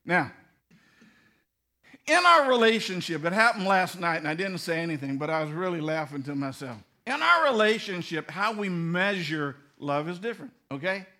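A man's voice: high-pitched, sing-song, moderate pace, sharp tone. A middle-aged man preaching a humorous sermon, telling stories and acting out little dialogues with bursts of emphasis. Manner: storytelling with mimicked dialogue, bursts of laughing emphasis. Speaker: pastor.

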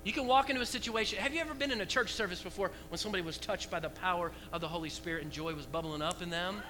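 A man preaching a lively sermon to his church, asking the congregation rhetorical questions. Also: high-pitched, very fast, poor audio. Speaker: pastor.

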